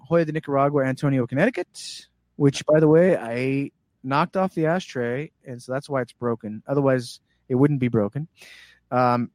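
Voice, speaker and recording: A man with a fairly high voice tells a story at a casual pace, bringing it to life by acting out the voices of the people in it. The recording is dry and close, with no room sound. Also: no echo. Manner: animated, acts out quoted voices. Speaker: guest.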